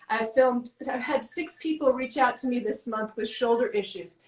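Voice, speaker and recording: A woman fitness coach guiding a workout with quick, encouraging cues, out of breath. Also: a little high, a little mellow, echoey room, poor audio.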